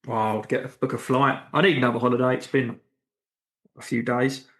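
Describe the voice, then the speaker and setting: A man's voice: fairly even intonation, brisk, a bit bright. Teasing man in an echoey room. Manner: teasing, mock-earnest pitches. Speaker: podcast co-host. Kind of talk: casual comedic banter.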